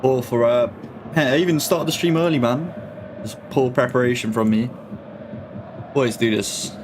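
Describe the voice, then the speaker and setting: At home with faint music playing and a noisy background, a young man hosts a live football watch-along, chatting casually at normal speed in a medium-pitched voice. He uses plenty of slang and reads out his chat's comments.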